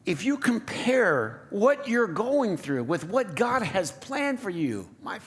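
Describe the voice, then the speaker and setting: Male pastor, conversational sermon with playful asides, voice a touch high. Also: sing-song, slow, hardly any pauses. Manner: conversational, playful, asks the congregation questions. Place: church sanctuary.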